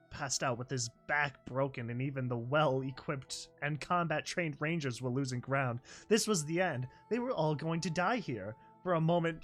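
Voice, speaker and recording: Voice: medium pitch, fairly bright tone. Casual fan-story reader with chatty asides.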